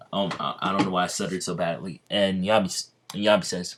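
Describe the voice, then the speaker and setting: A man's voice: deep voice, fairly even intonation, brisk, hardly any pauses, a bit bright, a little hiss or hum. A man telling a fan-made story in a hesitant, rambling way, full of ums and restarts. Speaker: channel host.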